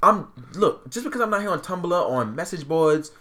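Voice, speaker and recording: A young man co-hosting a casual podcast, telling a story as an animated, profane rant. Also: sits high, normal speed. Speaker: podcast co-host.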